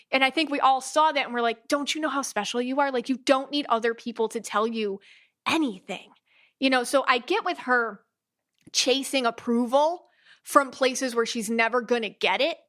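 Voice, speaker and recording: A woman hosting a podcast in casual, animated chat, often acting out what others say. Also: on the high side. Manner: chatty and animated, with many restarts and quoted asides. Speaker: podcast host.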